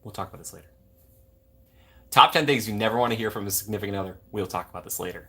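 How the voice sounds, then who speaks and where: A man's voice: fairly low pitch, quick pace, pauses often, bright, forceful tone, husky. A young man from Minnesota, hosting a livestream, chatting casually and going off on jokey tangents while reading viewer comments. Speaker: livestream host.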